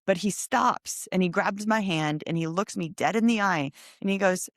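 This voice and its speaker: Expressive middle-aged woman telling a story. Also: medium pitch, moderate pace, hardly any pauses, no echo, studio quality. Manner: expressive, animated storytelling with lively quoted voices. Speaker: podcast host. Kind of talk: casual storytelling chat.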